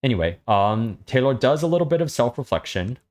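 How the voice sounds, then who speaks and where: A man reading a story aloud and summarizing it in a relaxed way, with lots of fillers. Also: medium pitch, fairly quick. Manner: relaxed, hesitant with many fillers. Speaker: host reading a web serial aloud.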